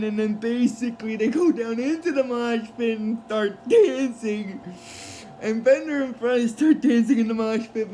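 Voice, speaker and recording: A man with a high voice recaps a cartoon episode in a loose, casual way. He rambles, restarts sentences and leans on fillers. A faint hiss sits under the recording. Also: dark tone, poor audio. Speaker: show recap vlogger.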